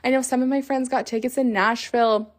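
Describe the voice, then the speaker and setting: Chatty excitable woman podcaster. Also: high voice, a little fast. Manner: chatty, excitable, lots of fillers like "like". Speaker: podcast host. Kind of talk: casual chat.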